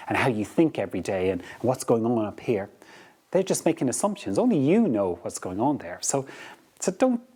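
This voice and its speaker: A man hosting a podcast, giving a motivational talk in an animated way, often repeating words as he restarts. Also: mid-range voice, husky. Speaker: podcast host.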